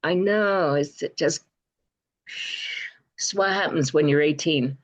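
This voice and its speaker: An older woman from Bristol with an English accent, telling rambling anecdotes in an interview, with frequent fillers and pauses. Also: deep voice. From Bristol, England. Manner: rambling, hesitant, warm anecdotes with many fillers. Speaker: guest. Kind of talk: interview storytelling.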